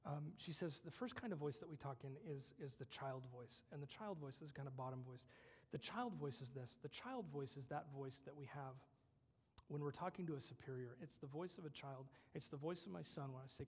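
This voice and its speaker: A male pastor preaching a conversational sermon, moving between loud emphasis and hushed whispers. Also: medium pitch, a little fast, breathy edge, in a large hall.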